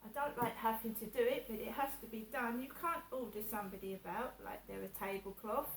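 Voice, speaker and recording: A woman's voice: a little high, brisk, a little hiss or hum. Chatty woman vlogging in an echoey room. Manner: chatty, repeats herself, acts out others' words. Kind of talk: casual personal vlog. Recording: echoey room, voice a little distant, faint background ambience.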